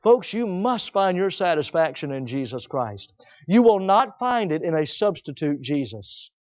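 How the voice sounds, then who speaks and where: A man preaching a sermon, emphatic, repeating key phrases and swinging between loud declarations and hushed asides. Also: on the high side, big pitch swings, measured pace. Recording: dull lo-fi recording.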